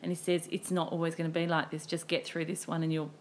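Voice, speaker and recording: A woman, a cabaret performer, chatting as a guest and telling animated stories about her career. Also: deep voice, quick pace, a little hiss or hum. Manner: animated, storytelling, acts out her past self. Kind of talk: casual chat.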